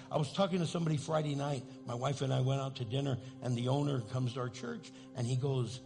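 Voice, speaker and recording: A man's voice: mid-range voice, a little fast, creaky, hardly any pauses, darkish tone, faint music behind. A man preaching as pastor, talking plainly to the congregation and rising into fervent calls to pray. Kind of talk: sermon. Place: church sanctuary. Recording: long reverb in a large sanctuary.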